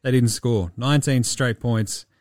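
A man with an Australian accent hosting a sports podcast, talking casually, profane and animated, often laughing. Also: medium pitch, unhurried, no room sound, studio quality. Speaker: podcast host. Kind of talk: sweary casual sports talk.

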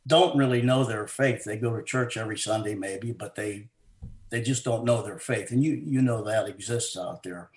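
Low-voiced guy, earnest and halting, lots of uhs, echoey room. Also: a little mellow. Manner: earnest, halting with frequent fillers and restarts. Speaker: author and guest. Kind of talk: conversational interview. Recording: roomy echo.

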